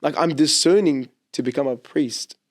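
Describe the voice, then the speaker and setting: A young man, a seminarian guest, giving an emotional personal testimony in a podcast interview, halting, with many restarts. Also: fairly high pitch. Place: church podcast studio.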